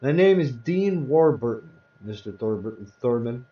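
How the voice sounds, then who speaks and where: A man's voice: medium pitch, lively intonation, measured pace, warm tone, lightly acted. A man reading aloud, voicing a small hospital lab technician who explains things patiently. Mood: explaining. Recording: roomy, distant, dull sound.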